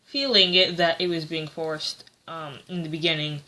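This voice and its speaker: A woman's voice: deep voice, steady tone, normal speed, sharp tone. A woman giving a casual, rambling book review, hesitant and full of fillers.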